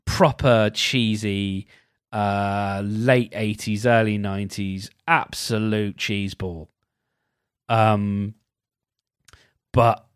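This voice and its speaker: A British man talking on his own in a casual, rambling way, restarting sentences often and getting animated as he goes. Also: medium pitch, no room sound, clean studio sound. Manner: rambling, animated, self-interrupting. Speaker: podcast host. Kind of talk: casual solo chat.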